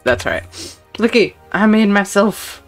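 A woman's voice: mid-range voice, expressive, a little slow, soft background music. A woman streaming a video game, chatting casually in a playful, giggly way and reading game text aloud. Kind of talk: casual gameplay commentary.

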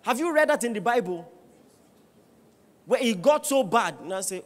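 A man preaching a sermon as pastor, firing rhetorical questions at the congregation and building to shouts. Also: sits high, moderate pace, a little hiss or hum. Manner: animated preaching with rising shouts and bursts of laughter.

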